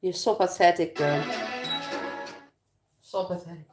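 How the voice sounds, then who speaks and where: A woman's voice: on the low side, measured pace, music in the background. A woman vlogging while cooking in her home kitchen, talking in a blunt, rambling and profane way. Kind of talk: casual rambling chat.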